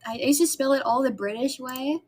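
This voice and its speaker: A woman's voice: high-pitched, fairly quick, a little mellow. A woman whose first language is Spanish, chatting casually and rambling a little while she paints her nails. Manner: chatty, rambling, reads chat aloud. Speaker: streamer.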